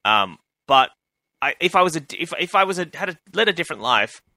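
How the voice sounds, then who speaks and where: A young man co-hosting a casual comedy chat, playful and quick to joke and laugh. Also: on the high side, sing-song, pushed and bright, no echo, clean studio sound. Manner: playful, laughs and jumps in with jokes. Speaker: podcast co-host.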